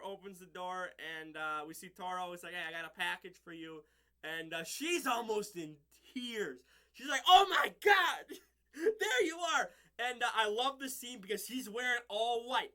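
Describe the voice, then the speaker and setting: A man's voice: high-pitched, pushed and bright. A man giving a casual, rambling solo review of a show episode, with lots of fillers and frequent laughs.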